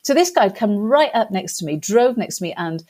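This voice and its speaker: A woman with a British accent, a guest in an interview, telling a funny story in a lively way and acting out the voices of the people in it. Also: medium pitch, a little fast. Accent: British English. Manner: lively animated storyteller, acts out quotes.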